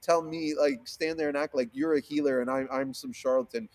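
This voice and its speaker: A man in a casual interview, telling a story with lots of swearing and restarts. He acts out the other people in it with sudden jumps in pitch, from low and quiet to high and loud. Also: steady tone, a little fast. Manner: swears freely, acts out quoted voices with sharp pitch jumps; fillers and frequent restarts. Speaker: seamoss seller, guest.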